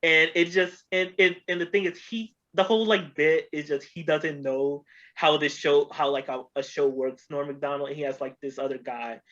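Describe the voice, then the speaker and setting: A man's voice: fairly high pitch, level tone, moderate pace, hardly any pauses, a bit bright. A man co-hosting a film podcast in casual chat, telling long rambling stories and acting out quotes from comedy bits. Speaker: podcast co-host. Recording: dull lo-fi podcast audio.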